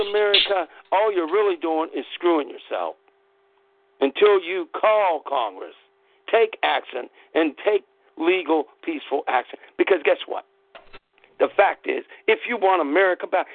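A man's voice: sits high, vocal fry, no echo. A man hosting an internet radio show, delivering a fired-up, profane political rant in angry bursts. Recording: tinny phone-line audio, dry.

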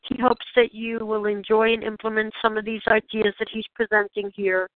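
Woman, channeled spiritual guidance, gentle questioning prompts, dry close sound, tinny phone-like audio. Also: medium pitch, level tone, moderate pace, dry recording. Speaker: spiritual guide.

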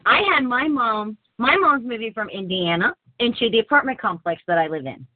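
A woman with a slightly high, lively voice hosts a casual online talk show at a brisk pace, laughing often and mocking herself. The sound is tinny and phone-like, with no echo.

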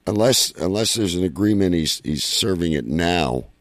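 Man, low voice, lively swings, excitable, stammering, dry close mic. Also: normal speed, no echo. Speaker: podcast host. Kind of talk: casual chat.

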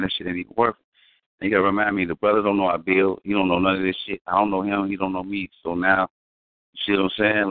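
A man's voice: low voice, no room sound. A man talking casually in slangy speech, telling stories with emphasis. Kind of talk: casual conversation. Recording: tinny phone-like audio.

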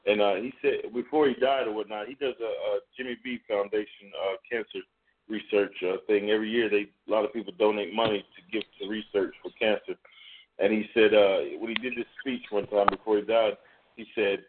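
A man's voice: lowish voice, fairly even intonation, a little fast, narrow, tinny audio. Man leading a phone prayer line. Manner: hesitant, many fillers and restarts. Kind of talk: prayer and call-in chat.

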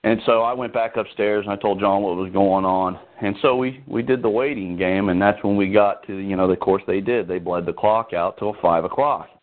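A man with a low voice tells a story in a relaxed, conversational way, often restarting his sentences. The audio is tinny, like a phone call. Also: moderate pace, few pauses. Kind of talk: casual storytelling.

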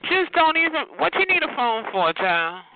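A man's voice: very high voice, sing-song, moderate pace. A man hosting a phone chat line, mocking a caller with campy taunts and calling him child and honey. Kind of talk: sassy mocking roast. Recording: tinny phone line with hiss.

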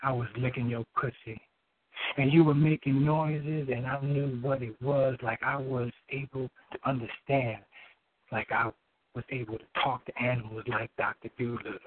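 A man calling in to read his spoken-word poem, halting at times and filling gaps with fillers and restarts. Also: mid-range voice, steady tone, dry recording. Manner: halting, with many fillers and restarts between lines. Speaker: caller reading his poem. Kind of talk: spoken-word poetry over the phone. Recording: tinny phone line.

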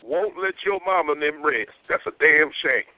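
A man's voice: fairly high pitch, moderate pace, dry recording, natural voice. A man voicing a scolding, preachy old country man with a Southern accent, drawling and nagging. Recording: tinny phone line with faint music.

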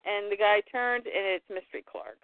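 A woman's voice: mid-range voice, steady tone, normal speed, dry recording. A woman co-hosting a casual podcast, retelling a comic book story and quoting the characters in lightly changed voices. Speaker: podcast co-host. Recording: dry, phone-like line.

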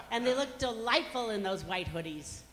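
A woman in her fifties from Colorado doing a stand-up comedy routine, with brash, self-mocking punchline delivery on a stage microphone. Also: fairly high pitch. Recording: reverberant hall, faint background noise.

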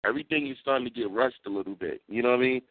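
A man's voice: medium pitch, rapid-fire, no echo. A man co-hosting a wrestling podcast, casual and emphatic, repeating his points. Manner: repetitive, emphatic, says "you know what I mean". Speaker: podcast co-host. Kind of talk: casual chat. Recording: dry tinny phone-like sound.

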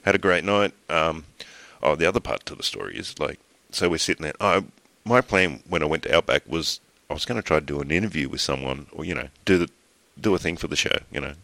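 Very deep-voiced Australian man telling a story. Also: lively intonation, creaky, bright, forceful tone, no echo. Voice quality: rambling, talks in halting restarts, swears casually. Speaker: podcast host. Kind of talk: casual chat, storytelling.

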